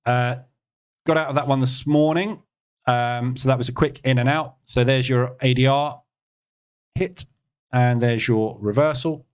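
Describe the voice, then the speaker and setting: A man's voice: mid-range voice, steady tone, measured pace, clear, resonant tone. A man hosting a live trading stream, giving casual market commentary and thinking aloud with many fillers and asides.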